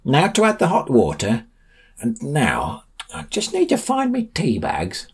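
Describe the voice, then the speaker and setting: Man putting on a muddled old man, high wavering voice, rambling, husky edge. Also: wildly swooping pitch, unhurried, exaggerated voice. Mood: fussy. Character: forgetful, doddering little old man.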